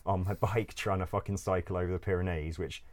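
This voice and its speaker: Talking fast in a low, steady voice, a man spins a loose, wandering travel story. He laughs often, swears freely and fills gaps with "like" and "um", in a casual storytelling style.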